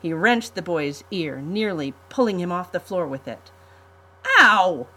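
A woman reading a storybook aloud in an even, measured manner. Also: lowish voice, slightly rough, low-quality recording. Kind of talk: storybook narration.

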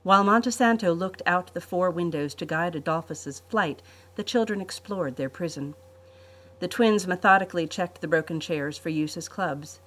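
A woman narrates a family adventure story in a measured, storybook way. Her voice is husky and a little low. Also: poor audio. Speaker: podcast host and storyteller.

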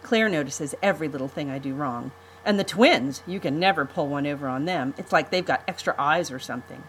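A woman's voice: low voice, fairly quick, a little hiss or hum, lightly acted, poor audio. A woman reading a storybook aloud, voicing an anxious young boy who pilots an airship, protesting and pleading.

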